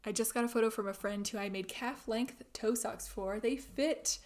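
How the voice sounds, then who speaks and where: A woman's voice: on the high side, normal speed. Chatty woman host of a craft livestream. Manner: chatty, warm-hearted, trails off and restarts. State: out of breath. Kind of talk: casual chat reading viewer comments.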